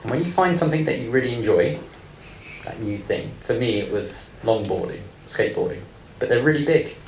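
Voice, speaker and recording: A man's voice: fairly low pitch, expressive, brisk, vocal fry, darkish tone, a little hiss or hum. A man in his thirties giving a live panel talk, blunt and playful, swearing freely. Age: 30s. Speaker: panel speaker. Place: event room with audience. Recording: echoey room, faint ambience.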